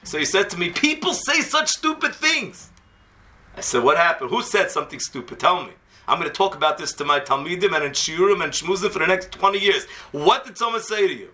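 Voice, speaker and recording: Man, high voice, very bright and sharp tone, lively storytelling talk to students. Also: fast talker. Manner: animated, conversational, sprinkled with Hebrew and Yiddish words. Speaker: yeshiva teacher giving a talk to students.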